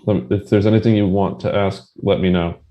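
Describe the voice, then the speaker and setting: A man playing a tabletop game, asking careful, deliberate questions. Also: deep voice, fairly even intonation, highs cut off. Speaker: player. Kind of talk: tabletop game play, casual.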